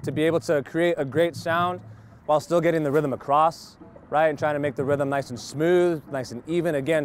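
A man's voice: fairly high pitch, a little hiss or hum. A man teaching snare drum technique to a group and often checking that they understand. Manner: explains step by step, keeps checking understanding. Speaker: drum instructor. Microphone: wireless lavalier mic.

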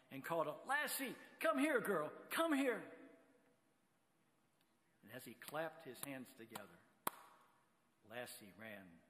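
A man, a guest preacher, telling a story in an unhurried sermon delivery. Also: mid-range voice. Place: church sanctuary with long reverb. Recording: reverberant church hall.

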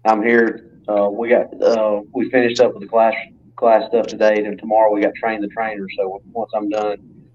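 A man's voice: on the low side, flat delivery, moderate pace, darkish tone, lo-fi sound. A middle-aged man chatting casually, rambling a bit with fillers, heard over a call. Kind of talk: casual chat.

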